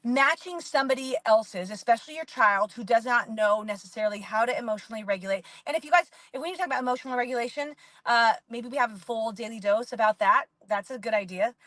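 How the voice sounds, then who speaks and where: Woman, 40s, parenting vlogger, high-ish voice, dry close sound, rambling and candid. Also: quick pace, hardly any pauses, fairly bright tone, no echo. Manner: rambling and candid, heavy use of "like". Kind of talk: casual confessional monologue.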